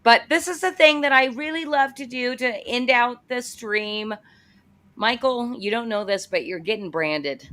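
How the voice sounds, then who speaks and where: A woman's voice: on the high side, unhurried, a bit bright, dry recording. A woman with an American accent hosting a live-stream interview, upbeat, chatty and joking. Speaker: host.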